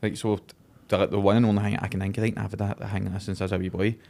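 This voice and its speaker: Fast-talking low-voiced man. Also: level tone, vocal fry, dark tone. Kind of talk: casual chat. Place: podcast studio.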